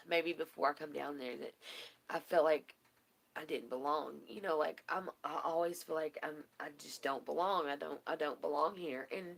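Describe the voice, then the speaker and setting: Gravelly-voiced woman, tearful and rambling. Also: low-pitched, fairly bright tone. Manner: rambling, heartfelt, many fillers. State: tearful, close to crying. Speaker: vlogger. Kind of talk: emotional casual video message.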